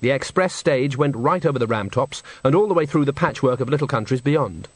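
A man's voice: medium pitch, brisk, no echo. A man reading an audiobook, narrating expressively and wryly. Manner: expressive, wry storytelling. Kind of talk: audiobook reading with character voices.

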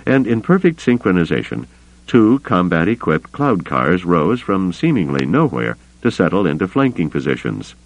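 A man narrating an audiobook in an expressive, varied storytelling manner. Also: sits low, normal speed, no echo. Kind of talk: scripted narration. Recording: dull, muffled dry recording.

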